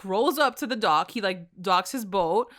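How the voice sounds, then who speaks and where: A woman's voice: medium pitch, expressive, moderate pace, a bit bright. A woman co-hosting a podcast, chatting casually through an episode recap with lots of fillers. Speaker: podcast co-host.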